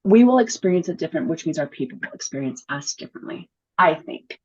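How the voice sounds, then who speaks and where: A woman guest who coaches speakers talks enthusiastically and quickly in a casual conversation. Her voice is a little husky, and the audio sounds slightly muffled and dull. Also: deep voice, lively intonation, a little mellow. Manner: enthusiastic, fast, laughs easily.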